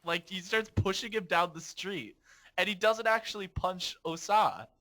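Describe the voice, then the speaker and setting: A man's voice: high-pitched, moderate pace, pushed and bright. A man in his twenties, a podcast host, telling a rambling story in casual chat, laughing often and restarting his sentences.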